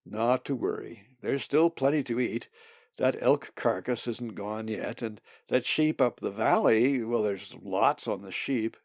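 A man voicing a grumpy, irritable male raven who complains loudly. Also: mid-range voice, expressive, takes it slowly, hardly any pauses, dry recording, dull audio. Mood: grumbling. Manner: gruff, complaining.

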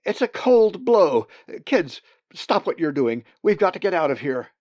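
A man voicing a steady older female raven who scolds briskly and leads the young ones. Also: high voice, no echo, pitched above the performer's own voice, heavily acted. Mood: urgent. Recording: dull, slightly muffled sound.

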